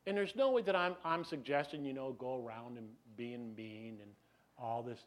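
A middle-aged man preaching a sermon, telling a personal story in an animated, self-mocking way and filling his talk with "you know". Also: medium pitch, moderate pace. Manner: animated, self-deprecating, acts out voices, many "you know"s. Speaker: pastor.

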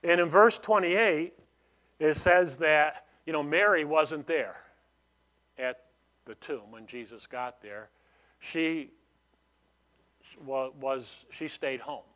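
A man's voice: fairly high pitch, slow pace, pauses often, pushed and bright. A man preaching a sermon in a conversational way, often restarting phrases and adding "you know" as he explains a passage. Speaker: pastor.

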